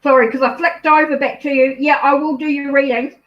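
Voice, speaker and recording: A woman's voice: sits high, fairly even intonation, fairly quick. Chatty New Zealand woman, dull lo-fi sound. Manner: chatty, easily distracted, apologetic, thinks aloud. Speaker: tarot reader hosting a live stream. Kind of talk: casual live-stream chat. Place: at home.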